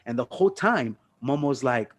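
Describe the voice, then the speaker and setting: Man telling a profane story, medium pitch. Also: expressive, moderate pace, slightly rough. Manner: loose, profane anecdote-telling with frequent "you know what I mean" and "right?". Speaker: podcast co-host and comedian. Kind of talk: casual storytelling chat.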